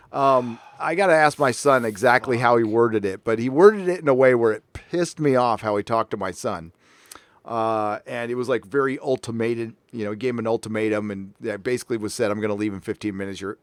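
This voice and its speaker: Telling a story with animation and plenty of swearing, a middle-aged man hosts a casual panel show from his home studio. His voice is mid-range, with no echo.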